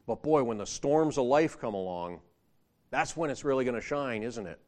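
A man delivering a sermon in an easygoing, conversational manner. His voice sits at an ordinary middle pitch. He swells louder and higher when he quotes scripture, then drops back to explain it, often closing with a rhetorical question. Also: lively intonation, normal speed. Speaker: preacher.

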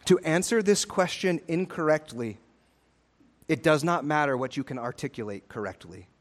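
A male pastor preaching a sermon in a church, emphatic, rising to loud urgent peaks and dropping to low, slow, hushed lines. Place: church sanctuary.

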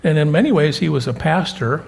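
A man's voice: on the high side, expressive, fairly quick, vocal fry, a little mellow. An older man preaching a sermon as pastor, telling folksy stories and often repeating words as he goes.

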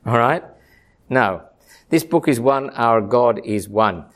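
A man preaching a sermon, swinging from hushed low asides to high ringing emphasis, with rhythmic repeated phrases. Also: animated, slow pace. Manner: repetitive, rhythmic lists of phrases.

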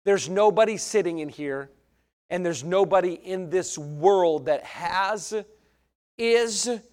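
A middle-aged man, a pastor, preaching a sermon in a folksy, plain-spoken way that swings from shouts to quiet asides. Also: sits high, takes it slowly.

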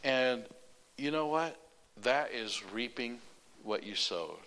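A male preacher telling a personal story in a sermon, animated, running sentences on with repeated "and". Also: medium pitch, takes it slowly, clear, resonant tone.

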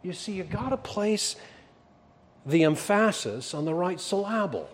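Animated preacher with a lively voice. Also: male voice, high-pitched, a little slow. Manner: emphatic preaching, drops to quiet asides. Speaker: pastor. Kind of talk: sermon.

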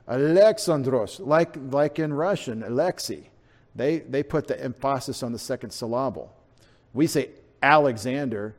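A man's voice: fairly high pitch, a little mellow, in a large hall. A male pastor preaching an expository sermon in a conversational teaching manner with emphatic rises. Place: church sanctuary.

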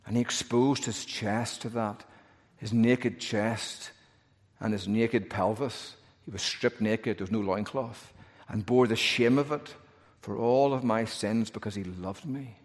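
A male pastor preaching a sermon earnestly, building to emphatic peaks and dropping to a hush in prayer. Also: lowish voice, fairly even intonation, measured pace. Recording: long reverb of a large hall.

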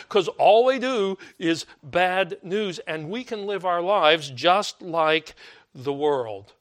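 An older man gives a loose, conversational sermon in a slightly raised pitch. He leans on repetition and slips into mock complaining voices as he makes his point. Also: animated, takes it slowly. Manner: conversational, repeats words for emphasis, mimics complaining voices. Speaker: preacher.

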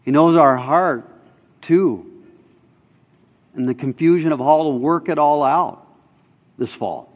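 A fairly high-voiced male pastor preaches in an emphatic, insistent way, repeating his key lines to drive them home. His voice carries a long reverb, as if recorded in a big church sanctuary. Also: slow, long pauses, highs cut off. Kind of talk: sermon. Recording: long reverb of a large hall.

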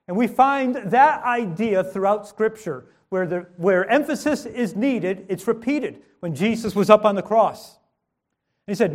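A man's voice: high-pitched, lively intonation, normal speed. A man preaching a sermon with strong emphasis, rising and dropping his voice, with modest asides.

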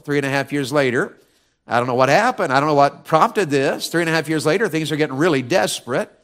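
A man's voice: on the high side, lively intonation, quick pace, a bit bright. A man preaching a sermon in a folksy, fervent, emphatic way.

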